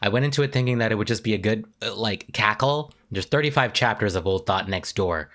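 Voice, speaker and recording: A man's voice: fairly low pitch, a little fast, fairly bright tone. A man streaming live in casual chat, rambling off on tangents and stammering through restarts with a dramatic, self-aware delivery.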